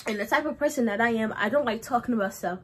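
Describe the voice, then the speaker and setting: A woman's voice: a little high, quick pace, fairly bright tone, slightly rough. Young woman rambling through a storytime. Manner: rambling, repeats herself while recounting. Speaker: vlogger. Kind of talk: casual storytime.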